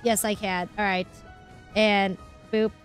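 A young adult woman chatting casually with her viewers while she plays a game, excitable and quick to laugh, cursing when things go wrong. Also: medium pitch, clear, resonant tone, faint music behind. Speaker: streamer. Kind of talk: casual live-stream chat while gaming.

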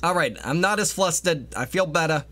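High, lively man hamming up a role-play. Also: moderate pace. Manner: animated, jokey, flustered bursts. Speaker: streamer playing a bank robber in online role-play. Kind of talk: improvised game role-play.

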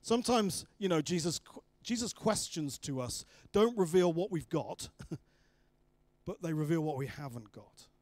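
A man preaches a sermon in a fairly high voice and acts out the voices of the people in his story. The sound is close and dry. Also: measured pace, no room sound. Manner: animated storytelling, acting out voices of the disciples.

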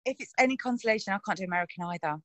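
A woman's voice: mid-range voice, racing, no room sound. A woman actress talking frankly in a casual interview, laughing often. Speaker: actress interviewed about her roles.

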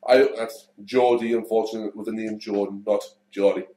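A man's voice: fairly low pitch, little pitch movement, brisk, warm tone, roomy sound. A male co-host of a comedy podcast reading out silly tweets in a dry manner.

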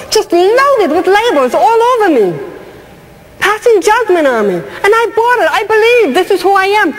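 A woman comedian telling a personal story on stage with an animated, emphatic, punchy delivery. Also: very high voice, normal speed. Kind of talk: stand-up storytelling testimony. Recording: long hall reverb, faint noise.

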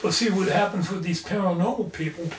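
This lay preacher's high-pitched, brisk voice carries earnest fervor as he relates his experiences in an interview. A distant mic in an echoey room picks up faint ambience and slight background noise.

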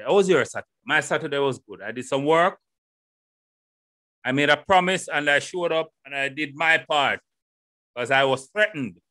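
A middle-aged Jamaican man hosts his podcast alone, loud and animated, firing rhetorical questions at his listeners. His voice sits fairly high and sounds bright and forceful, recorded dry and close at home. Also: no echo. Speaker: podcast host. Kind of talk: casual solo podcast monologue. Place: home room in Holland. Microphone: headphones and desk mic.

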